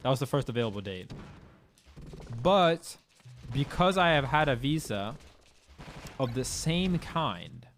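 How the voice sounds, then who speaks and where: A man's voice: medium pitch, very animated, unhurried, pauses often, a little hiss or hum. A young man from Sweden, streaming and chatting with his viewers in a loose, slangy way and swearing freely. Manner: laid-back and slangy, swears freely, loose rambling delivery. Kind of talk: casual chat with viewers.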